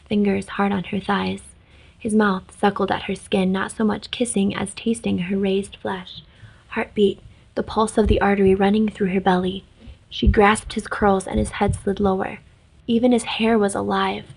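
A woman reading a fantasy story aloud in an even, measured way. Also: mid-range voice, creaky, breathy edge, poor audio. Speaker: story reader. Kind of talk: scripted narration of a fantasy story.

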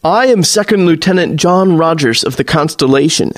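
A man's voice: on the high side, lively intonation, moderate pace. A man voicing a proud young male navy officer and warlock who speaks stiffly and with indignation.

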